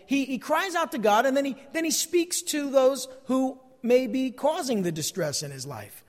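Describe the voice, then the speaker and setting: A man in his forties preaching a sermon, earnest and conversational, asking his listeners questions. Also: very high-pitched. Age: 40s. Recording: long hall reverb.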